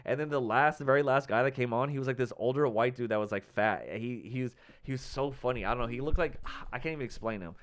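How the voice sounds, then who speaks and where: A young man co-hosting a podcast, telling a story in casual chat, animated, acting out quotes and saying "like" and "dude" a lot. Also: medium pitch, fast, few pauses. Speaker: podcast co-host.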